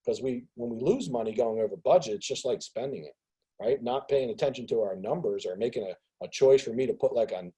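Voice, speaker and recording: A man hosting a business group call on a video call, talking casually in an animated rant. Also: medium pitch, slightly rough, poor audio. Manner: animated ranting, acts out others' voices. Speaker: host of a business mastermind call.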